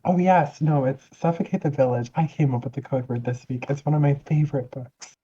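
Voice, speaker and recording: A man playing a fawning, sweet-voiced guild lady who drawls and gushes over everyone. The voice is very dark and mellow with a husky edge, heard through dull, lo-fi online-call audio. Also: medium pitch, fairly even intonation, natural voice. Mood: sweetly eager. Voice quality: fawning and chatty, drawn-out syrupy phrasing. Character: gushing, sweet-talking female guild member.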